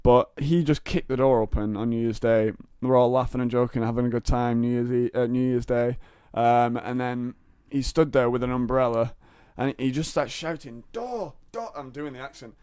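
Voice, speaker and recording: A man's voice: mid-range voice, level tone, moderate pace, few pauses, mellow, clear, resonant tone, no room sound, studio quality. A young man telling a story in casual chat, rambling with stammered restarts. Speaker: comedian guest.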